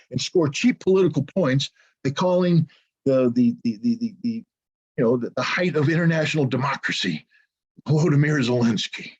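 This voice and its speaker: Male analyst in an interview, hoarse-edged voice, blunt talk, dull recording. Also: on the high side. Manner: blunt, opinionated, repeats words when searching. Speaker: interview guest, military analyst. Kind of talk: unscripted interview commentary.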